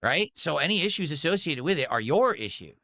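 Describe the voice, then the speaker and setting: Brief: male streamer musing aloud, bright tone, dry close sound. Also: fairly high pitch, very animated, fairly quick, dry recording. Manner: rambling, self-justifying, fillers. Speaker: streamer in played clip. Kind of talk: casual monologue to audience.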